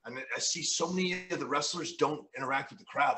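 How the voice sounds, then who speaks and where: A man hosting a podcast as a pro wrestler, telling stories in a lively, excited way, recorded from a distant mic in a roomy space. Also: fairly high pitch. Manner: animated storyteller, quick and excited. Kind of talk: casual podcast chat.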